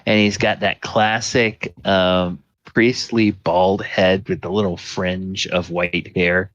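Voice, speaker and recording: A man with a low voice runs a tabletop game, narrating the scene slowly and halting over his words. The sound is dry and a bit dull. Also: no room sound. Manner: relaxed, halting, with many fillers. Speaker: game master.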